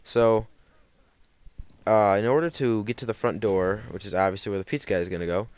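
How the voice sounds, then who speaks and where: A young man with a somewhat low, smooth voice tells a rambling story while playing a game. He keeps stopping to correct himself and leans on fillers. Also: steady tone, a little fast, a little mellow. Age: young adult. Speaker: gaming commentator. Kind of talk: casual storytelling over gameplay.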